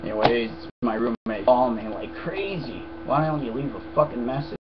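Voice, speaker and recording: A man's voice: medium pitch, normal speed. Blunt, profane young man ranting on a lo-fi webcam. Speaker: vlogger answering viewer questions. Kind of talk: casual rant to camera. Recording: dull lo-fi webcam audio with noise.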